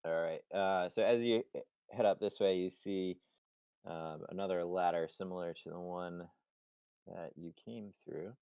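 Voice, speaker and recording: A man runs a tabletop game as game master, pausing often on fillers. His voice is very deep. It sounds dry and close to the mic. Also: steady tone, vocal fry, a little mellow, clean tone, no echo. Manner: hesitant, filler-heavy.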